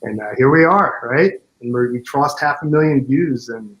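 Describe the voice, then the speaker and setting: A man in a relaxed interview talks through how his fan film came together. He rambles, leaning on fillers and restarting his sentences. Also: mid-range voice, normal speed, dull audio. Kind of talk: casual interview chat.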